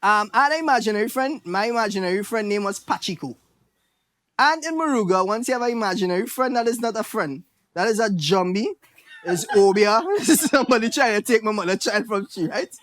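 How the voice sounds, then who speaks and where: A man's voice: high-pitched, brisk. Trinidadian man doing stand-up. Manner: animated storytelling with impressions of relatives. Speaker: stand-up comedian. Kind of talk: stand-up comedy set.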